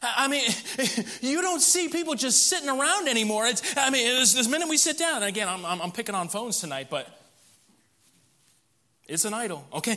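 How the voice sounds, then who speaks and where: Guy preaching a sermon, high voice, bright, lots of restarts and chuckles. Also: fairly quick. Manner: animated, chuckling, repeats words as he restarts. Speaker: pastor.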